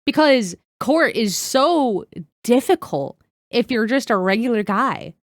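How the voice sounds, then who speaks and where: A woman's voice: on the high side, animated, slow, dry recording, clean studio sound. A young woman streaming a reaction video, talking heatedly, swearing and greeting her chat by name. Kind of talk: casual live-stream reaction.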